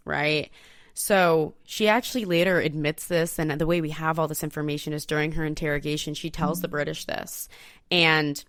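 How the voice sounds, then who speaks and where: A woman hosting a podcast, telling a history story in a casual, profane, animated way and talking straight to her listeners. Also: deep voice, normal speed, smooth, no room sound, clean studio sound. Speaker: podcast host.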